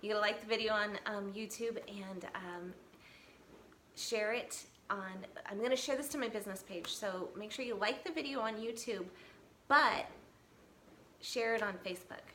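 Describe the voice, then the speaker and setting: A woman's voice: medium pitch, moderate pace, bright, forceful tone, a little hiss or hum. A woman in her thirties talking casually to her camera in an earnest, chatty way, with many fillers and restarts. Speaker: equine massage therapist vlogger. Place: home, California. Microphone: camera mic.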